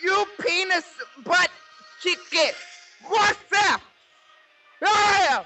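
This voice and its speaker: A man playing a crude prank caller who shouts insults in broken English with a mock foreign accent. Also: very high voice, gravelly, exaggerated voice, rough recording.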